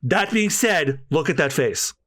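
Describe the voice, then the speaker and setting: Male podcast co-host, bright and lively, rambling casual chat. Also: a little high, unhurried. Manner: animated, rambling, laughs as he talks.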